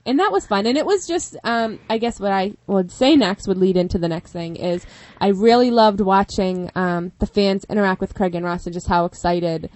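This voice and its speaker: A woman's voice: mid-range voice, moderate pace, hardly any pauses, darkish tone, dry recording. A woman with a New England accent co-hosting a podcast, chatting in a bubbly, giggly way. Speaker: podcast co-host. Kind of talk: casual chat.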